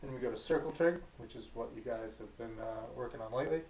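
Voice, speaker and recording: Talking quickly at a medium pitch, a man works through math at a classroom whiteboard, casually reasoning aloud and fixing his own mistakes. The dull recording, captured at a distance in an echoey room, carries slight background noise.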